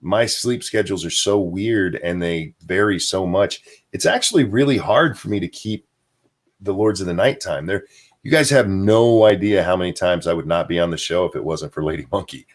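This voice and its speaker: A man with a low voice hosts a casual livestream show, talking at a normal speed in an animated way. He rambles through viewer chat, full of fillers and chuckles, answering chat messages and donations out loud.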